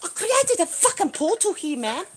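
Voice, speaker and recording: A high-pitched woman films herself on a handheld phone outdoors in her backyard. She rants and swears, swinging from loud, furious outbursts down to low, muttered asides. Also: very animated, normal speed, very noisy. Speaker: livestreamer. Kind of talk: agitated livestream rant.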